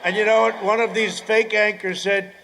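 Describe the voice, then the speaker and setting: Rambling older man shouting at a rally. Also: sits high, flat delivery, normal speed, slight background noise. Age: 70s. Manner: rambling, sarcastic asides, repeats phrases; bursts into shouting. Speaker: politician addressing a rally. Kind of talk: rally speech.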